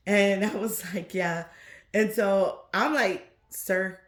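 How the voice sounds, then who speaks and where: A woman with a Southern US accent, chatting casually in a vlog from her home doll nursery and telling a story with animated energy. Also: medium pitch, takes it slowly, reverberant. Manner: chatty, animated, keeps saying "you guys". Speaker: reborn doll collector vlogger.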